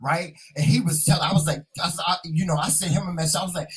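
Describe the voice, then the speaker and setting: Husky man telling a story. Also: on the high side, quick pace, rough recording. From North Carolina. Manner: chatty, repeats himself, proud and excited. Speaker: vlog host. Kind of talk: casual storytelling vlog.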